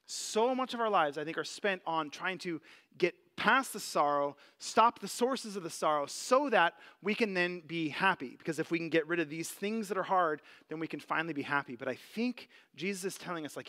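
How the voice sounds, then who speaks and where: Bright-voiced preacher in a reverberant hall. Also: male voice, on the high side, fairly quick. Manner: conversational, earnest, many "like" fillers. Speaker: pastor. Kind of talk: sermon.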